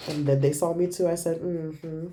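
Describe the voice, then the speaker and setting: A young woman tells a casual storytime in a low, mellow voice. She talks in an animated, gossipy way and swears freely as she recounts her night. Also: moderate pace, a little hiss or hum. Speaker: vlogger.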